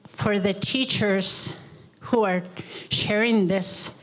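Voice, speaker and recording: A woman in the audience of a panel, sharing teachings in a reflective comment and telling stories slowly and deliberately, with repetition. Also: medium pitch, steady tone, low-quality recording. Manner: slow, deliberate storytelling with repetition.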